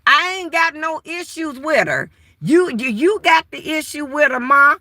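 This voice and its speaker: High-voiced older woman, blunt and profane. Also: measured pace, no echo, clean studio sound. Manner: animated, blunt and profane, addresses listeners as y'all. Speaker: host. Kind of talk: casual storytelling chat.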